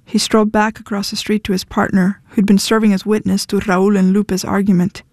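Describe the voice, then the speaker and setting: A woman reading a short story aloud, steady and measured, at a middling pitch. The recording is dry and close, with no room sound. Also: dry recording. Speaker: reader.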